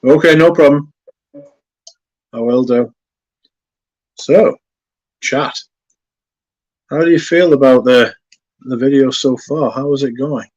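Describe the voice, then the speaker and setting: A man hosting a fragrance livestream, chatting casually and reading viewer comments aloud in a relaxed, chatty way. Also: medium pitch, slow, long pauses, no room sound, highs cut off. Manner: relaxed, chatty, yawning now and then.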